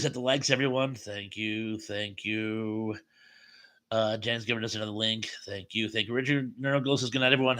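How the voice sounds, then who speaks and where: A man's voice: mid-range voice, pushed and bright. A middle-aged man hosting a live stream, reading viewer comments aloud with chatty, wry asides. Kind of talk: casual chat.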